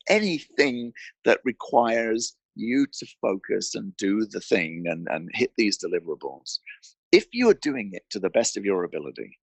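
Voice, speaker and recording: Husky, animated man telling a story. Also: lowish voice, no echo. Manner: animated, repeats words as he restarts, acts out quoted voices. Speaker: podcast guest. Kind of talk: conversational interview storytelling. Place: indoor studio with a mic.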